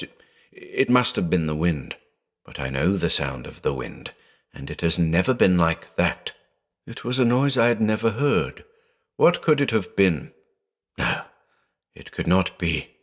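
A man voicing a terrified old blind man who pleads and shrieks in panic. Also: low-pitched.

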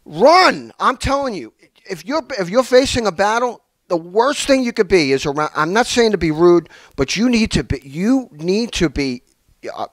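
A man preaching a sermon, telling stories in an animated way with many restarts. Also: sits high, moderate pace, dry recording. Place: small church hall.

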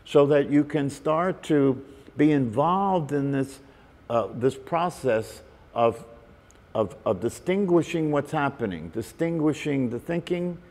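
A man's voice: fairly high pitch, expressive, slow, darkish tone. A man giving a conversational meditation talk to a group, often checking in with "right?" and "you know". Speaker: meditation teacher. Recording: long reverb in a hall.

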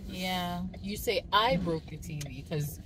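A woman's voice: fairly low pitch, a little slow, noisy background. A woman with a Jamaican accent chatting to her phone camera in a casual, storytelling vlog, now and then turning to talk to her toddler. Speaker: lifestyle vlogger. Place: car, outdoors in the cold and at home. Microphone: phone front camera.

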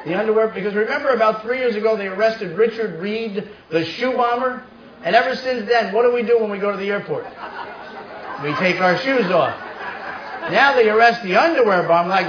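Performing on a comedy stage, a brash middle-aged man from New Jersey speaks briskly in a high voice, spinning stories punctuated by punchy asides. Crowd noise fills the noisy background, and the live room comes across echoey, distant and muffled.

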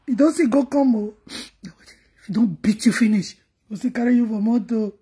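A woman's voice: a little high, moderate pace, dark tone, husky. A woman with a Nigerian accent talking straight to her viewers, pleading and lamenting, repeating herself, often close to sobbing and dropping into whispers. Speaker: vlogger. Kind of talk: emotional monologue to viewers.

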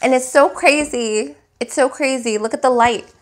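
A woman giving a spiritual tarot reading, speaking in slow, emphatic affirmations and at times searching for words. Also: high-pitched. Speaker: tarot reader.

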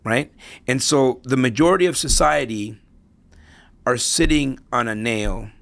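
The speaker is a middle-aged man appearing as a podcast guest, casually spinning anecdotes to get his points across while often restarting and repeating words. His medium-pitched voice is creaky, a bit bright, and measured in pace.

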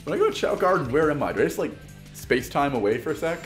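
A man's voice: a little high, very animated, racing, roomy sound. A young man doing casual let's-play commentary, joking and chatting to the game characters. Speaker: gameplay commentator. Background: game music.

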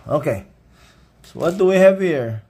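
A man's voice: a little high, animated, moderate pace, darkish tone, a little hiss or hum. A man with a Filipino accent unboxing and reviewing a knife, thinking aloud and correcting himself as he goes. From Philippines. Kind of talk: casual unboxing vlog.

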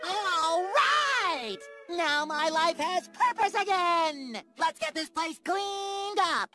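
A squeaky, excitable young cartoon sea sponge, a cheerful fry cook who chirps high and swoops all over his range. He fusses and gushes with boundless eagerness. Cartoon music plays behind. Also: slow pace, full character voice. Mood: overjoyed. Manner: bubbly and eager, fussing sweetly. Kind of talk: cartoon voice acting.

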